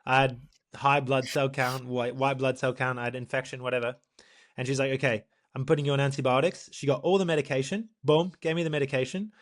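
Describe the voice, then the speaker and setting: A young man, a professional triathlete, co-hosting a podcast and telling a story in a lively, animated way, acting out what people said. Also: mid-range voice, fairly quick. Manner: animated storyteller, acts out quotes, laughs often. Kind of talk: casual storytelling chat.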